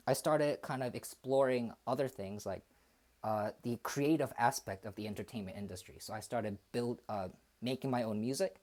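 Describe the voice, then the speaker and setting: A man's voice: medium pitch, darkish tone. A man in his twenties chatting on a livestream, thinking aloud in a hesitant, reflective way with many fillers and restarts. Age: 20s. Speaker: streamer. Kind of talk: casual livestream chat.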